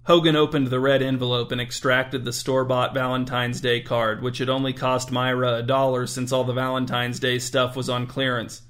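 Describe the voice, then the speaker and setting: A man narrating a story aloud in a dry, deadpan manner. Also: mid-range voice, moderate pace, few pauses.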